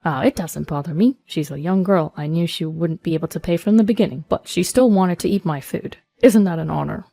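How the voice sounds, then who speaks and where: A woman's voice: lowish voice, fairly quick, creaky, mellow, dry recording, soft background music. A woman reading the lines of an older male steakhouse owner who blusters and threatens in a storybook tale. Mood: smug. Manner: blustering, menacing.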